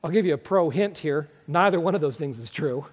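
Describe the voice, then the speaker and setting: A man's voice: on the high side, expressive, fairly quick, big-room sound. A man preaching a sermon as pastor, earnest and conversational, often restarting his sentences.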